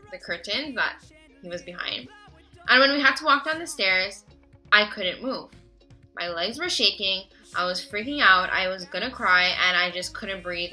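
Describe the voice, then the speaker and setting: A teenage vlogger tells a story in a casual vlog, talking fast and gushing with excitement. Her voice is medium-pitched, and the recording is rough.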